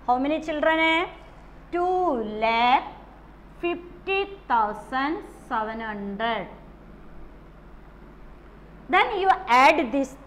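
A woman teaching a maths lesson. She drills the class slowly, repeating questions and answers in phrasing, and coughs now and then. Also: high-pitched, pushed and bright. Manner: slow, repetitive drilling with call-and-response questions; non-native English phrasing. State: coughing at times.

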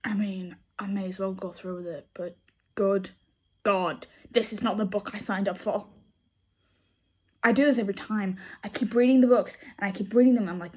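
A woman's voice: mid-range voice, fairly even intonation, moderate pace, a little mellow, slightly rough. A woman vlogger chatting casually to camera, ranting in a blunt, exasperated way. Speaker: book vlogger. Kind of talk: casual vlog chat.

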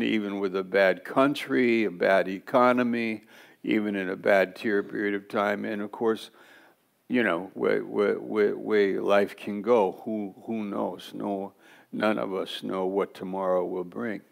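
A man teaches a church Bible class at an unhurried, deliberate pace. His low voice has a gravelly edge, and he talks in a loose, conversational way that wanders into asides.

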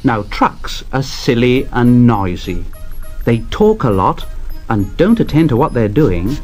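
Slow, expressive man reading a children's story. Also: medium pitch. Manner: expressive, unhurried. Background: music.

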